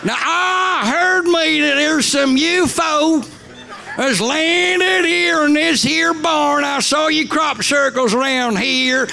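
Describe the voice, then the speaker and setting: A man playing a brash rustic farmer hero who hollers in a loud, drawling twang. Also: extremely high pitch, takes it slowly, vocal fry, a little hiss or hum, voice pushed up, full character voice. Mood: boastful.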